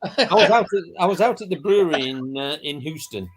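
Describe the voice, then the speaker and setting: Guy, kinda high and bouncy voice, joking around and telling a long story. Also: expressive, fairly quick. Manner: jokey, teasing, telling a long anecdote. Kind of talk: casual banter and storytelling.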